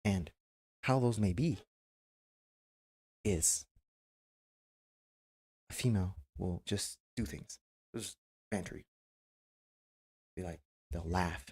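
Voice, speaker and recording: A man's voice: low-pitched, takes it slowly, pauses often, a little mellow, slightly rough. A man streamer giving casual, emphatic advice, repeating himself and acting out quoted remarks. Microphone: webcam mic.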